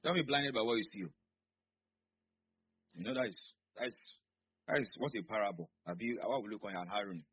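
A Nigerian man preaching a sermon in church, swinging between quiet asides and sudden shouts. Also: lowish voice, fairly quick, long pauses, slightly rough, highs cut off. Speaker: pastor.

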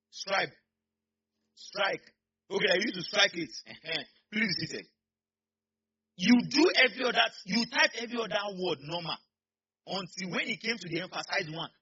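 Animated, husky-voiced preacher. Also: male voice, on the high side, highs cut off. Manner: animated, call-and-response preaching. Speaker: pastor. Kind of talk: sermon.

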